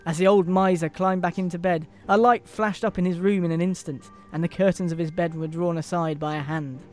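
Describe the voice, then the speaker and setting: An English man with a high-pitched voice reads a comic Christmas story aloud on a podcast. He leans into the drama and plays each character's voice. Soft music sits behind him. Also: fairly even intonation, brisk. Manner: reads dramatically, breaking off into laughter and asides.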